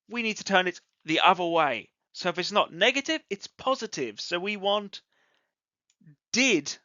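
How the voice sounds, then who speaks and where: An English teacher giving a scripted online grammar lesson, deliberately acting out example sentences with exaggerated rising and falling intonation. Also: mid-range voice, pushed and bright, no echo. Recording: dull lo-fi audio, dry close sound.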